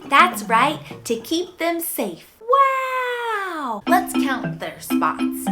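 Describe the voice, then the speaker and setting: A woman's voice: extremely high pitch, wildly swooping pitch, drawn-out words, hardly any pauses. A woman hosting a toddler phonics lesson in an exaggerated, enthusiastic singsong baby-talk manner. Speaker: children's educational host. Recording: loud background music.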